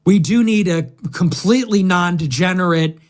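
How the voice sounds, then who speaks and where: A man's voice: sits high, normal speed, pitched above the performer's own voice, lightly acted. A man putting on a whiny, mocking voice of a far-right online man during livestream commentary. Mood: mocking whine.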